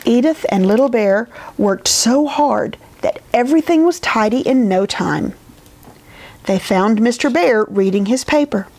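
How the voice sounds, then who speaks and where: A woman librarian reading a picture book aloud in a gentle, expressive storytelling manner. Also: a little high, unhurried.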